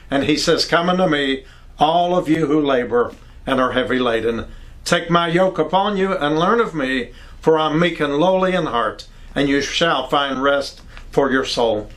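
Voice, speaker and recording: A man with a fairly high voice preaching a Christmas sermon. He is earnest and pastoral and talks straight to the listener. The delivery is loose and unscripted, with small slips and self-corrections. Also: fairly bright tone.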